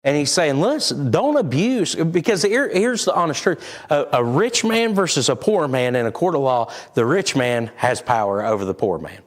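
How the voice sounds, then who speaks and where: A man's voice: fairly high pitch, very animated, moderate pace, hardly any pauses. A man preaching a sermon, talking candidly and conversationally. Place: church sanctuary.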